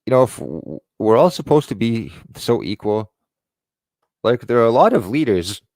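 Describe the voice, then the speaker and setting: A man's voice: mid-range voice, sing-song, normal speed, a little mellow, dry recording, studio quality. A man hosting an online show, ranting in a sarcastic, profane way. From Quebec. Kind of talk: ranting commentary.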